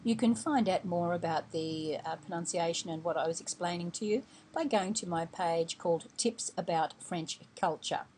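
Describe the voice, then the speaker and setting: Woman, lowish mellow voice, instructional travel tips voice-over, patient, faint noise behind. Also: moderate pace, few pauses. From Australia. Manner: patient, explaining step by step. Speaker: travel website host.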